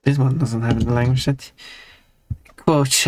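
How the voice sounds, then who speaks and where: Unhurried streamer, mid-pitched voice, rambling casual chat, drawing while talking, faint music behind. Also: fairly even intonation, dry recording. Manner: rambling and self-interrupting; playful, hums to themself.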